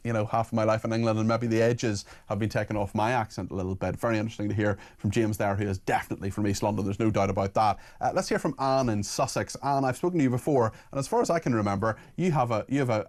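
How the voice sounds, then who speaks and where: A man hosting a radio phone-in, talking quickly with frequent restarts. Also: lowish voice, darkish tone. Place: radio studio.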